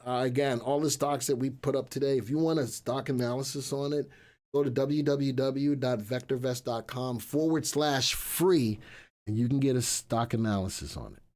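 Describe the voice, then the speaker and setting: A man's voice: mid-range voice, moderate pace, a little mellow. A man hosting a live stock market stream, chatting casually, joking and rambling with asides to his crew.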